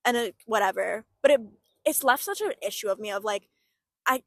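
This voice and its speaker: A woman's voice: mid-range voice, brisk, a bit bright, no room sound. A young woman co-hosting a casual chat, reflective and full of "like" fillers. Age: young adult. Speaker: podcast co-host.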